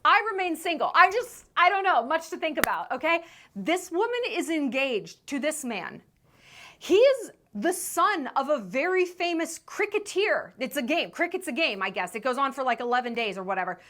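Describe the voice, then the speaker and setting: High-pitched woman ranting on her channel, super sarcastic, voice swoops all over. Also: very animated, moderate pace, pushed and bright. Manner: sarcastic, incredulous, emphatic. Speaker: commentary YouTuber. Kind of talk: sarcastic commentary rant.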